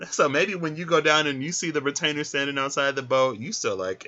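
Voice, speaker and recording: A man giving a casual tarot reading, chatty and animated, who laughs often and acts out little scenes. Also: mid-range voice, fairly quick, few pauses, highs cut off. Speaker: tarot reader.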